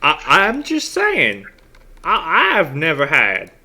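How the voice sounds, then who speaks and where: A man's voice: on the high side, takes it slowly. A man playing in a tabletop game, chatting in a casual, joking way. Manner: lively, joking. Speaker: player. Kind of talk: casual chat.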